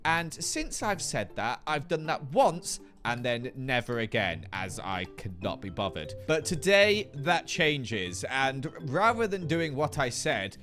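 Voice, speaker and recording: A man giving playful, self-mocking commentary as a Minecraft YouTuber. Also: mid-range voice. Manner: jokey, self-mocking, animated.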